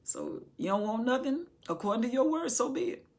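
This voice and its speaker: A woman's voice: fairly high pitch, very animated, fairly quick, darkish tone. A woman Bible teacher giving a sermon, reading scripture with dramatic emphasis and explaining it.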